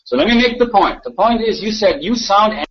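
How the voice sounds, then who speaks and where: Man with a high voice, argumentative and mocking, live voice chat rant, dull lo-fi audio. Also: expressive, fast talker. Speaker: chat room speaker.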